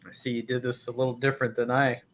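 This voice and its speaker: A man's voice: medium pitch, little pitch movement, fast, fairly bright tone. A man co-hosting a podcast, bantering in a dry, teasing way. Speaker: podcast co-host. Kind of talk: casual podcast chat.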